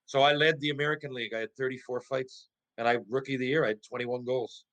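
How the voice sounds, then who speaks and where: A middle-aged man, a former pro hockey player and podcast guest, tells stories in casual conversation. He is animated and profane, restarts often and asks rhetorical questions. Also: medium pitch, fast talker, low-quality recording.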